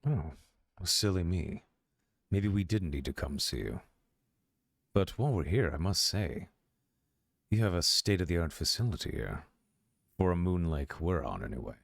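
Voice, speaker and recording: A man voicing a very deep-voiced, polite doctor whose courtesy hides a threat. He speaks in measured, gracious phrases during a tabletop role-play, with a dry, close sound. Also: big pitch swings, gravelly, no room sound, full character voice. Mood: smooth. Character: smooth-talking male doctor, polite and quietly menacing.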